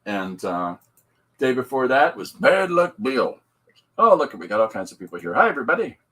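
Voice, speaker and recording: A man's voice: mid-range voice, sing-song, moderate pace, pushed and bright, husky, rough recording. A man hosting a podcast livestream, rambling and upbeat as he greets viewers and talks about his comics. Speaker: podcast host and comic artist. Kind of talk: casual livestream chat.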